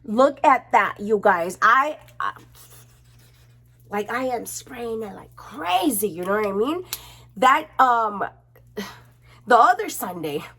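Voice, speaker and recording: Young woman, chatty beauty vlogger, cussing casually, slightly high voice, camera mic at home. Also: takes it slowly, long pauses. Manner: chatty and expressive, swearing freely.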